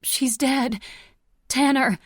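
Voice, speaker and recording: A woman's voice: high voice, steady tone, extremely slow, breathy edge, no echo, voice pushed up, full character voice. An injured young woman pleading desperately, as the narrator voices her in an audiobook. Her words come strained and urgent. The read is dry and close.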